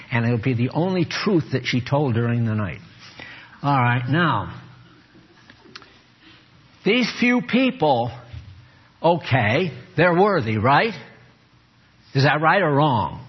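Slow, husky-voiced man preaching. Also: medium pitch. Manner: animated, teasing, calls on listeners by name. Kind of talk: sermon to a small group. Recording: muffled lo-fi recording.

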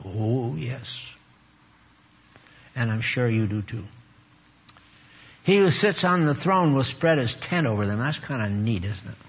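A man preaching a sermon to a small group, animated and teasing, calling on listeners by name. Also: mid-range voice, measured pace, pauses often, husky. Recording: muffled lo-fi recording.

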